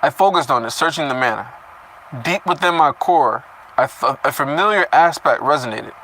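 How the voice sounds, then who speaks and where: A man's voice: on the high side, expressive, normal speed, bright, forceful tone, a little hiss or hum, poor audio. A man reading a story chapter aloud and breaking off into casual, profane comments on it. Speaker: reader reacting to a novel chapter.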